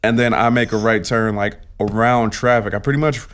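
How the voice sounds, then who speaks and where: A man's voice: lowish voice, steady tone, fairly quick, a bit bright, clean tone. A man in casual chat, animatedly telling a profane story.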